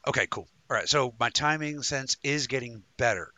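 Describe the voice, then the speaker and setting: A man's voice: medium pitch, moderate pace, bright, forceful tone, dry recording. A man hosting a live talk show in a rambling, jokey way, full of stumbling restarts. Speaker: host. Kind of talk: casual live-show chat.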